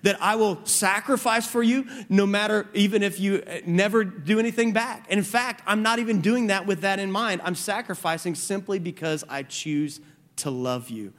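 A man's voice: high voice, moderate pace, a bit bright. A man preaching a sermon on marriage, earnest, often repeating words as he builds a point. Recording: long reverb of a large hall.

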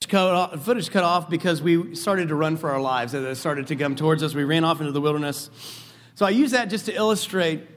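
High-voiced man preaching a lively sermon. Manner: lively storytelling with asides. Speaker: pastor.

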